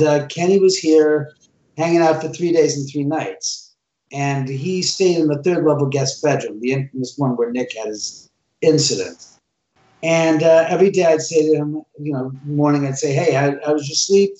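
A man telling an animated first-person ghost story in casual talk, acting out the dialogue as he goes. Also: a little high. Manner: animated, acts out quoted dialogue. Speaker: homeowner telling ghost stories. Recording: roomy, distant, dull sound.

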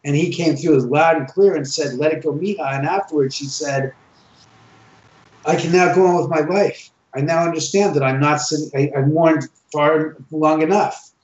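A man's voice: on the high side, normal speed. A man who owns a reputedly haunted house, telling stories in a casual podcast chat and acting out the lines of the people in them. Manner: animated, acts out quoted dialogue. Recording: roomy, dull sound.

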